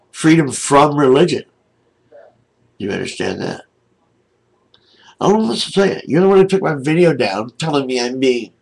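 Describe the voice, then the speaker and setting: An older man ranting angrily to his camera from home, indignant and aggrieved, with a husky voice. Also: medium pitch, rough recording. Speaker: video blogger. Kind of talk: angry webcam rant. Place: home, seated in a wheelchair.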